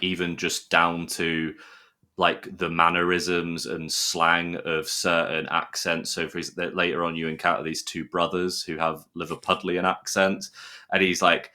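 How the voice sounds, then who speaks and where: A man from the UK talks with a deep voice that still rings bright and forceful. He chats eagerly, telling little anecdotes as a guest on a casual podcast. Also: flat delivery, normal speed. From United Kingdom. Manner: enthusiastic, chatty storyteller. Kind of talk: casual chat.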